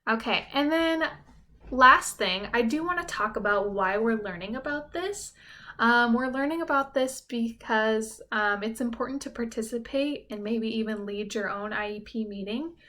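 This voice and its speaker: Bright-voiced woman teacher, patient and clear. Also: a little high. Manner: patient, explains simply, checks in with "okay?". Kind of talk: recorded classroom lesson.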